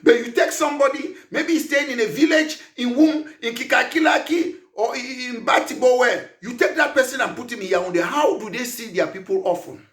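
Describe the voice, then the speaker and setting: A man's voice: extremely high pitch, moderate pace, few pauses, fairly bright tone, echoey room. A man with a Cameroonian English accent, a party leader and lawyer giving a political speech, impassioned and repetitive, firing rhetorical questions and often raising his voice. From Southern Cameroons.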